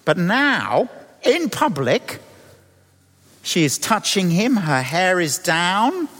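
Animated vicar preaching in a hall. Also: male voice, sits high, takes it slowly. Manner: animated storytelling, acting out voices in the story. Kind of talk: sermon.

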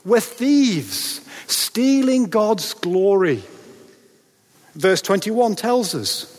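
Male preacher, high lively voice, slow deliberate sermon delivery, big reverberant church sound. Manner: dramatic, rhetorical questions, pauses for effect. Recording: long reverb of a large hall.

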